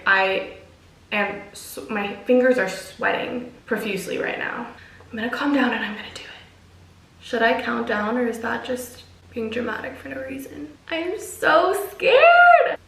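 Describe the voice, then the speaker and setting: A young woman talks casually to her viewers in a home vlog, chatty and nervous. Her voice sits a little high. It is picked up from a few steps away in a room with echo. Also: a bit bright, distant mic. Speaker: vlogger.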